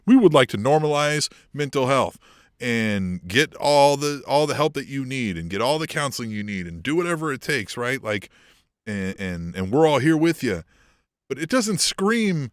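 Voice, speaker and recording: A man's voice: a little high, moderate pace, no echo, studio quality. A man co-hosting a wrestling podcast, chatting casually, swearing freely and laughing often. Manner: profane, animated, laughs often. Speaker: podcast co-host.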